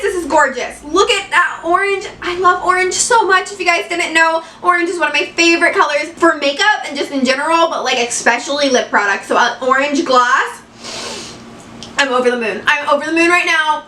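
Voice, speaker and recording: A bright, high-pitched woman chatting through an unboxing, giggling often and repeating phrases as she gushes. She sounds a bit away from the mic in an echoey room. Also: moderate pace, distant mic, a little hiss or hum. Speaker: beauty vlogger. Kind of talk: excited unboxing chat. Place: home room in Florida.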